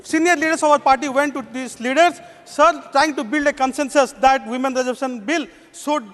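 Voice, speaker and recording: A man's voice: extremely high pitch, fairly quick, a bit bright. An Indian English-speaking man giving a formal parliamentary speech as a member of parliament, constantly addressing the chair as sir. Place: parliament chamber. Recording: long echo of a large chamber.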